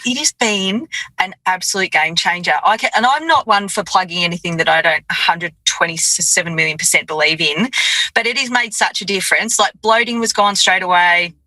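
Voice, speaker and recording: A chatty woman co-hosting a casual podcast, rambling and giggling between points. Her voice is bright and forward. The sound is dry and close, with no room around it. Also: medium pitch, no echo, poor audio. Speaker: podcast co-host. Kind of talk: casual chat.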